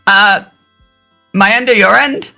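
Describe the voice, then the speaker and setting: A woman streamer chatting casually, halting and repeating words, laughing often. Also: medium pitch, vocal fry, music in the background. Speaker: streamer and collab guest.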